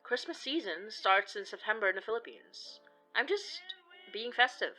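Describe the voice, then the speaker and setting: A woman's voice: a little high, sing-song, moderate pace, sharp tone, low-quality recording. A woman playing a wry witch from the Philippines in an audio drama, teasing and dry, with faint music behind her.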